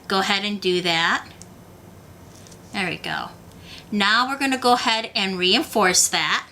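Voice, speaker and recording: A woman's voice: medium pitch, pushed and bright, a little hiss or hum. A woman teaching a beading tutorial, patiently talking the viewer through each step. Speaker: beading instructor.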